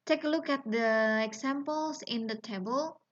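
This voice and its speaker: Indonesian lady teaching english, talks real slow, says yeah? a lot, dull lo-fi audio. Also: a little high. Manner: slow, repeats example words with exaggerated stress, frequent "yeah?" and "okay?" checks. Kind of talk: recorded online lecture.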